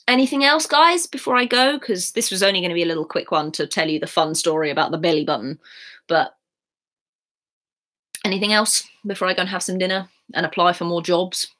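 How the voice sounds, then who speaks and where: A woman's voice: on the low side, fairly bright tone. A young woman chatting casually on a live stream, reading out viewer comments with a giggly, sing-song manner. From England. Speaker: YouTuber reading live chat.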